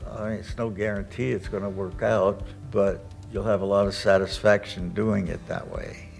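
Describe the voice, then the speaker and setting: A man answering questions casually and reflectively, relaxed, with chuckles and thoughtful pauses. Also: fairly low pitch, vocal fry, faint music behind. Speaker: award honoree.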